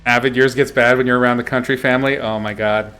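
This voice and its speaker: A man's voice: mid-range voice, steady tone, fast, sharp tone, faint music behind. Laid-back man chatting on stream. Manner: chatty, laughs often, reads and answers chat. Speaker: streamer chatting with viewers while painting. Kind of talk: casual livestream chat.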